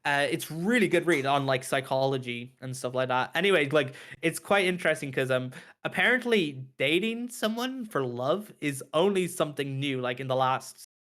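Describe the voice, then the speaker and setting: A man's voice: on the high side, lively intonation, moderate pace, few pauses, fairly bright tone. A man co-hosting a podcast, chatting casually with lots of fillers and laughs. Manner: chatty, hesitant, laughs often. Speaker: podcast co-host. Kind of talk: casual chat.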